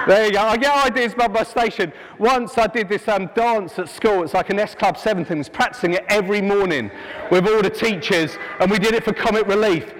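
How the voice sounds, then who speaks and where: High-voiced, jokey preacher. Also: male voice, expressive, unhurried, a crowd in the background, noisy background. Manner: jokey, self-deprecating, chatty asides. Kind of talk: informal sermon with a sung action chorus. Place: church hall. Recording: long church hall reverb.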